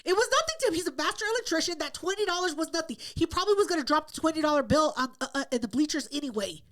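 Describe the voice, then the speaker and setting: A woman co-hosting a podcast, chiming in with blunt quick reactions during casual chat. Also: high voice, expressive, a bit bright, no room sound, studio quality. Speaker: podcast co-host.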